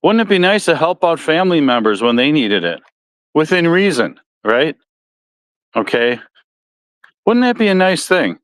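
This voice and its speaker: A man's voice: fairly high pitch, big pitch swings, moderate pace, long pauses, a bit bright, dry recording. Folksy Midwestern man with a dry sound. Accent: Midwestern American. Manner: rambling, self-correcting, folksy. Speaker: podcast host. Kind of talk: casual solo podcast talk.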